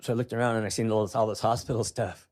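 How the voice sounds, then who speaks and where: A man in his forties tells a personal story in a plain, unpolished way, his voice sitting a little low. He leans on "you know" as he goes, and emotion pushes close to tears at points. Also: flat delivery, very fast, a little mellow. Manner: plain-spoken, with frequent "you know" fillers. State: emotional, near tears at times. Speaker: podcast guest.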